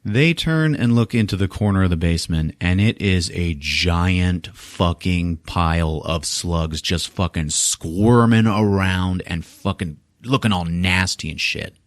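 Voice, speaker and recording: A man hosting a podcast, recapping a movie casually with animated retellings, acting out the characters' lines, laughing and swearing often. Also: sits low, unhurried, few pauses, no room sound, studio quality. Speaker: podcast host.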